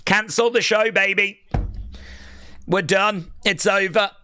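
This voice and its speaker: A man giving excitable, jokey play-by-play on a live wrestling watch-along and reading viewer comments aloud. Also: high voice, takes it slowly, clear, resonant tone.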